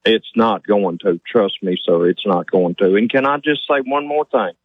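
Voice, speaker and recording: A man's voice: fairly low pitch, moderate pace, slightly rough, dry recording. A man calling a radio show, a truck driver speaking politely in a folksy way. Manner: polite, folksy, says sir. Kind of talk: call-in radio conversation. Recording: phone line.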